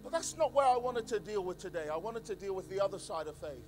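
A male pastor preaching an emphatic sermon, swinging between loud declarations and quiet asides. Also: high voice, animated, fast, soft background music. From England. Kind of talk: conference sermon.

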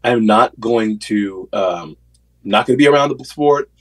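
A man's voice: fairly low pitch, measured pace, breathy edge, low-quality recording. A man in his thirties, a basketball coach, telling his story in a casual interview, earnest and full of faith, with many fillers. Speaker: NBA player development coach, guest.

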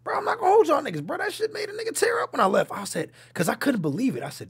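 A young man streaming, telling animated stories to his chat, loud one moment and hushed the next, with plenty of swearing. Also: extremely high pitch, racing, gravelly, hardly any pauses. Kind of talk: casual chat reading a stream chat.

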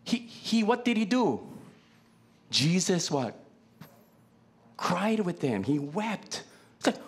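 Pastor, male; animated, very lively pitch, chatty Q-and-A preaching style. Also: slow, long pauses. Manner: conversational, asks the congregation many questions. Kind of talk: sermon. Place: church.

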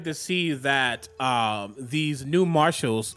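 A man's voice: on the high side, a little slow, few pauses, a bit bright. A man running a tabletop game as game master, narrating casually with many fillers.

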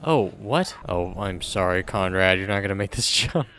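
A man's voice: low-pitched, expressive, normal speed, very noisy. A man giving casual, joking let's-play commentary on a game over a headset, talking back to the characters on screen. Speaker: gameplay commentator.

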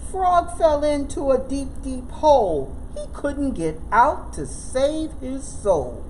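A woman children's librarian reading a picture book aloud, expressive and slow. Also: high-pitched, slight background noise, rough recording. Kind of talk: storybook read-aloud narration.

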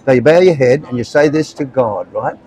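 A man's voice: medium pitch, fairly quick, darkish tone, slight background noise, low-quality recording. An Australian man in his seventies preaching to young people on a street, earnest and chatty, checking in often with "right?" and "okay?". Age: 70s. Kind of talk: street evangelism to passers-by. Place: outdoors on a street.

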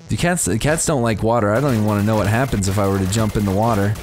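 A young man commenting on a game as he plays, giddy and breaking into high-pitched squeals of surprise. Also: animated, fairly quick, over music. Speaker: gameplay commentator. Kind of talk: excited let's-play commentary.

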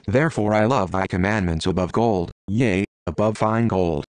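A man reading scripture aloud in a steady, measured, solemn recitation. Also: fairly low pitch, no room sound. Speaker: scripture reader.

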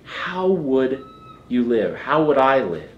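A man's voice: mid-range voice, very animated, takes it slowly, reverberant, lo-fi sound. A man preaching a sermon as pastor, earnest, often repeating phrases as he builds a point.

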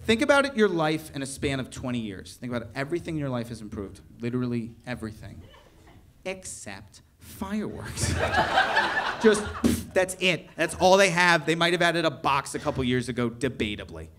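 Animated man doing stand-up. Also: mid-range voice, normal speed, slight background noise. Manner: animated, incredulous, mock-outraged ranting to a crowd. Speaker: stand-up comedian. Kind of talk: stand-up comedy set. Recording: live venue with audible audience laughter. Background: audience laughter.

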